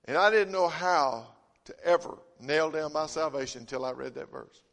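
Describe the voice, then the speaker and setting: Man preaching, high voice, folksy storyteller, long hall reverb. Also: normal speed, gravelly. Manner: folksy storytelling, swinging from loud emphasis to quiet asides. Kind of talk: sermon.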